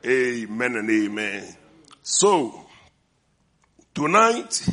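A man's voice: mid-range voice, vocal fry, fairly bright tone, slightly rough. An older man with a foreign accent preaching a sermon, leading the congregation with call-and-response and repeated amens. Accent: non-native English accent. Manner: call-and-response, repeated "amen and amen", drawn-out emphasis. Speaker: visiting preacher.

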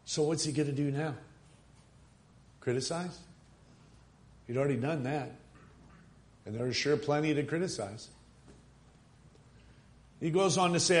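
A man preaching a sermon, retelling a story and asking his congregation rhetorical questions, moving from quiet reflection to rising, emphatic appeals. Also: on the high side, unhurried, pauses often.

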